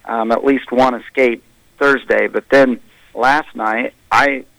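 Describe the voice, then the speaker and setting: Plainspoken coach, dry close sound. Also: male voice, medium pitch, fairly even intonation, takes it slowly, vocal fry, a bit bright, no echo, low-quality recording. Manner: candid, plainspoken self-critique. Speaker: high school wrestling coach. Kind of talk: radio interview.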